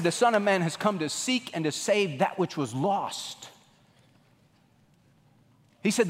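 Dramatic preaching man in a hall. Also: sits high. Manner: dramatic preaching, swinging from loud to hushed. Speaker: pastor. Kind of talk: sermon.

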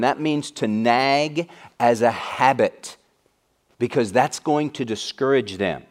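A middle-aged man preaching a sermon to fathers, earnest and repeating key phrases for emphasis. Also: mid-range voice. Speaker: pastor.

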